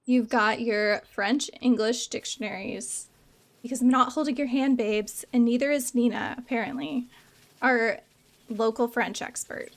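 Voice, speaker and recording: A young woman chats casually over her game stream, her voice sitting a little high. She teases herself and jokes as she rambles along. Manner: jokey, self-mocking, rambling.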